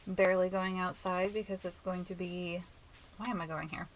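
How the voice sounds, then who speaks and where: A woman with a nasal, stuffed-up voice, chatting softly and rambling as she hosts a relaxed game playthrough. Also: fairly low pitch, moderate pace, a little hiss or hum, poor audio. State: stuffy nose. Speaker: let's play host. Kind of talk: relaxed gameplay commentary.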